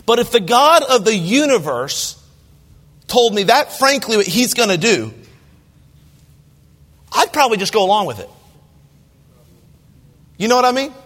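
A pastor delivers a sermon in a high-pitched male voice, moving between scripture reading and casual asides to the congregation. The reverb trails on long after each phrase, as in a large church hall. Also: a bit bright. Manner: conversational, asks the listeners direct questions; reads scripture aloud in King James wording.

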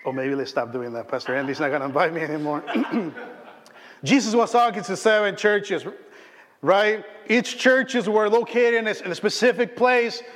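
A man's voice: high voice, normal speed, fairly bright tone, big-room sound. A man preaching a sermon in a church, telling stories in a chatty way with many fillers and restarts. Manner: conversational storytelling with frequent fillers and restarts. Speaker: pastor.

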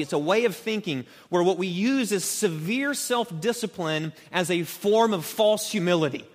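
Male preacher, high voice, animated sermon delivery, long hall reverb. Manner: animated, dips low and quiet for emphasis. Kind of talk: expository sermon.

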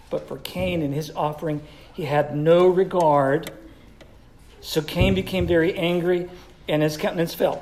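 Gravelly, joking woman Bible teacher. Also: low-pitched, darkish tone, low-quality recording. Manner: joking, quizzes listeners by name.

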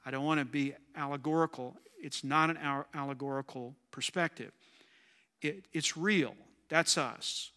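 A man's voice: on the high side, normal speed, sharp tone, long reverb tail. A man preaching a sermon in a conversational way, often asking his listeners questions. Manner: conversational, asks the audience questions.

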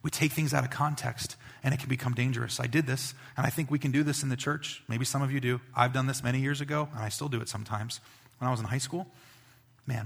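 A male pastor giving a conversational sermon, building to emphatic peaks and dropping to quiet asides. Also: medium pitch, fairly even intonation, quick pace, vocal fry, slightly rough.

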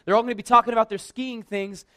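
A man who works at a church tells a personal anecdote in a lively, conversational way, full of "like" and self-mocking humor. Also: extremely high pitch, fast talker. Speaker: church worker telling a personal story. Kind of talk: casual personal storytelling.

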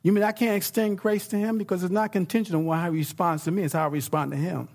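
A middle-aged man preaching a sermon as pastor, talking conversationally and swinging between quiet, hushed points and excited bursts. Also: high-pitched, fast, vocal fry.

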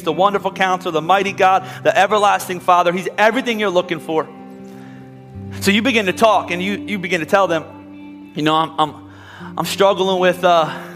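A man preaching a sermon as pastor, telling a story with rising emphasis. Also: fairly high pitch. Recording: reverberant hall with soft music.

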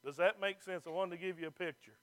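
A man's voice: high voice, fairly even intonation, quick pace, a bit bright. A male pastor, preaching a folksy, fervent sermon to a church.

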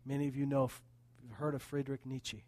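A man preaching a sermon as pastor, with emphatic repeated phrases, swinging from quiet to loud. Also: medium pitch, steady tone, a little fast.

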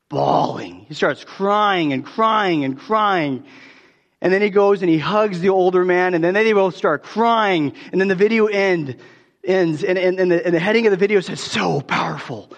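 Man preaching casually in an echoing hall. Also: high-pitched. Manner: conversational storytelling, many restarts and fillers. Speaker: pastor. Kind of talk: sermon. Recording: dull sound with long hall reverb.

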